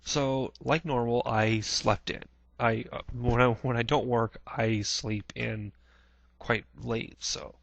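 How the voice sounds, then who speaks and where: A man vlogging a casual personal recollection, halting with many restarts, clearing his throat often and swearing casually. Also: medium pitch, steady tone, fairly bright tone, no echo, highs cut off. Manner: plain-spoken, swears casually.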